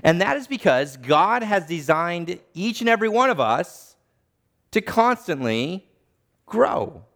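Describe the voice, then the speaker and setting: A man in his thirties preaching a sermon in a church, reading scripture and teaching with deliberate, emphatic rises. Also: high voice, very animated, a bit bright. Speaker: pastor. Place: church sanctuary.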